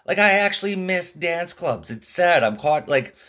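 Profane laid-back man, lively pitch. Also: moderate pace. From Canada. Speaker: podcast host. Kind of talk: casual rambling monologue.

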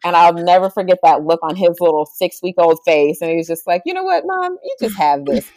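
A young woman chatting as a guest, telling a lively story and acting out quotes in a high voice. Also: fairly quick, no room sound, clean studio sound. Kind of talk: casual chat.

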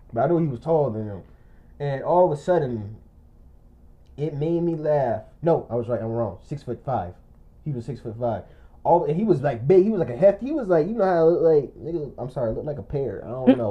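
Guy rambling thru a funny story, mellow dark voice, muffled lo-fi audio. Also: a little high. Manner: rambling, animated storytelling with laughter and acted-out quotes. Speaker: storyteller in casual chat. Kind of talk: casual chat.

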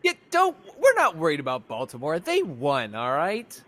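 A man's voice: fairly high pitch, huge pitch swings, moderate pace, a bit bright. A man co-hosting a casual sports fan reaction podcast, rambling and exasperated, with frequent restarts. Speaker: podcast co-host.

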